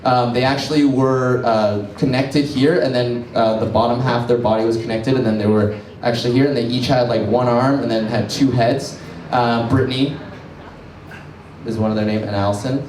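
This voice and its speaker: A man performing a stand-up comedy set in a cafe bar, telling stories in a quick, rambling way with lots of "right?" and "you know". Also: medium pitch, fairly even intonation, darkish tone. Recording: echoey bar room, camera from far off.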